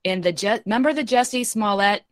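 A woman's voice: mid-range voice, brisk, no echo, studio quality. A woman caller with a mid-range voice. She speaks hesitantly and hedges what she says. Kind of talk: call-in chat.

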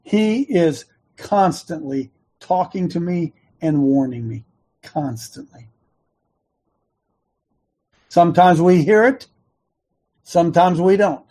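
A man gives an emphatic devotional sermon, leaning hard on key lines and repeating them. His voice sits fairly high for a man and has a husky edge. He speaks at an unhurried, deliberate pace. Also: lively intonation, dark tone. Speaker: coach giving a devotional talk.

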